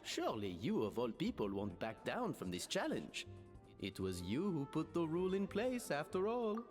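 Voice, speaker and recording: A man's voice: on the high side, huge pitch swings, normal speed, darkish tone, long reverb tail, faint music behind. Van Asia, a courtly French showman. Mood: grandiose. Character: theatrical French gentleman host, courtly and grand.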